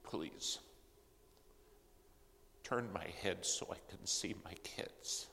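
A gentle, faithful mother who speaks softly and calmly, her quiet words half breathed, as a deep-voiced preacher puts her on. The words ring through a large hall with a long reverb and a faint hum of ambience. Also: very slow, creaky, heavily acted. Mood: tender.

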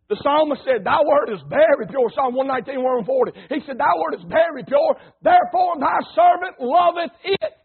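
A man preaching a folksy, rousing sermon that swings between plain talk and loud calls. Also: very high voice, slightly rough. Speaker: pastor. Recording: lo-fi phone-like radio broadcast.

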